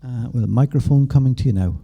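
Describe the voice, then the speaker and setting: Mellow-voiced man chairing a panel. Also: medium pitch, creaky, breathy edge. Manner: brisk, polite, stumbling over words. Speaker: moderator. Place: large lecture hall. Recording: long reverb of a lecture hall.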